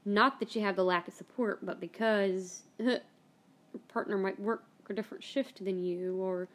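With a mid-range voice, this podcast host shares a personal story in a casual, emotional way. She swears now and then, and when things get tender she slips into a whisper, close to tears.

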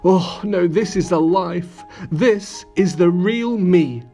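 A man's voice: very high-pitched, big pitch swings, a little slow, darkish tone, faint music behind, voice pushed up, heavily acted. A man voicing a vain, showy little female storybook character who fancies herself royalty. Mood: delighted. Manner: haughty, showy. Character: vain, grand little lady.

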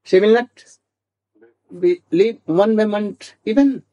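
Slow, mellow-voiced man telling a devotional story. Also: high voice, lo-fi sound. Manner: slow, halting, many restarts and asides, asks "hmm?".

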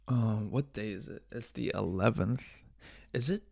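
A young man hosting a casual solo podcast, rambling and swearing with jokes, often coughing and clearing his throat into a close microphone. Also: on the low side, no echo. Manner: rambling, profane, jokey, drifts between loud bits and mumbling. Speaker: podcast host. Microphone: studio microphone up close.

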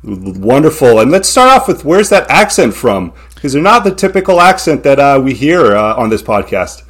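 A man's voice: mid-range voice, very animated, moderate pace, a bit bright. An upbeat man hosts a podcast interview with plenty of enthusiasm. He asks questions in a casual, friendly way. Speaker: podcast host.

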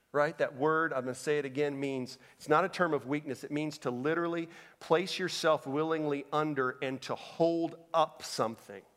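Male pastor, sermon delivery, high pitch, dynamic from shouted to hushed, church reverb. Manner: dynamic preaching, swings from loud emphatic to soft and low. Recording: long reverb of a large hall.

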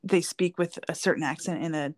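Low-pitched and brisk, this podcast co-host keeps things casual. She rambles along in easy conversation, her speech full of filler words.

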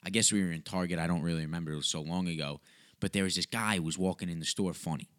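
Young comedian hosting a solo podcast; low voice, loose, profane, rambling delivery. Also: male voice, steady tone, rapid-fire, fairly bright tone, dry recording, studio quality. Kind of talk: casual solo podcast monologue. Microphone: USB microphone.

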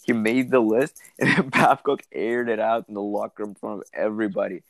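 A man's voice: on the low side, steady tone, a little fast, hardly any pauses, no room sound. Young man ranting casually. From Canada. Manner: ranting, swears, laughs between lines. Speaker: podcast co-host. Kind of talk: casual chat.

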